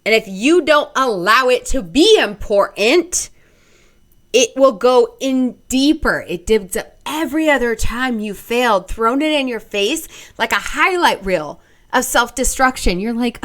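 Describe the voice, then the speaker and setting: On her solo podcast, a young woman with a high-ish, fairly bright voice talks in an animated but slightly slow way. Her casual monologue is blunt and expressive, with free swearing and acted-out inner voices.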